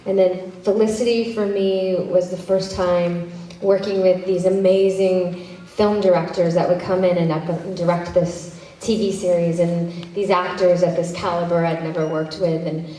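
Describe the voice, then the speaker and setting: A woman's voice: lowish voice, steady tone, unhurried, hardly any pauses, mellow. A woman, an actress and director, answering fan questions at a convention panel in a chatty, self-interrupting way with easy laughs. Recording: echoey hall from far off, faint noise.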